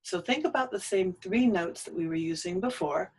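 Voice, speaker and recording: A woman leads a voice lesson, explaining each warm-up exercise and then cueing students with quick prompts. She keeps a friendly teaching tone. Between rounds she sounds short of breath. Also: medium pitch, animated, husky, low-quality recording. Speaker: singing teacher.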